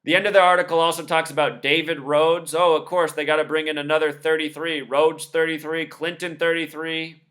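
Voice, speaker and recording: A man's voice: fairly high pitch, level tone, fairly quick, few pauses, a bit bright. A man giving a scornful, emphatic commentary monologue, listing numbers one after another. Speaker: video commentator. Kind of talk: monologue over news clips.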